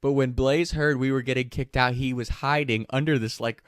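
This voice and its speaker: A man casually telling a story, animated and profane, often laughing as he talks. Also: medium pitch, moderate pace, smooth, no room sound, studio quality.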